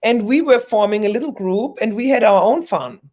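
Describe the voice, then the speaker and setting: A woman's voice: on the high side, moderate pace. Woman on a podcast, chatty storyteller who restarts a lot and does little voices. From Germany. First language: German. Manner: animated storyteller, frequent restarts, mimics other voices. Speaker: guest. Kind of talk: conversational interview.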